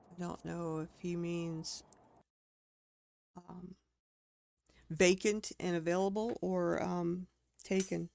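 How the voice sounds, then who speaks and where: A woman's voice: on the low side, little pitch movement, slow, vocal fry, pauses often, darkish tone, slight background noise. A woman streaming a video game, talking casually as she plays, thinking aloud and exclaiming at what she finds. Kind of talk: casual gameplay commentary.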